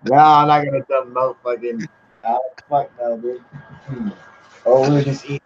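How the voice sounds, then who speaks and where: A man's voice: mid-range voice, steady tone, normal speed, a little hiss or hum. A man hosting a livestream in casual chat, reading viewer comments aloud, loose and profane, laughing often. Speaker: livestream host. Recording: muffled lo-fi stream audio.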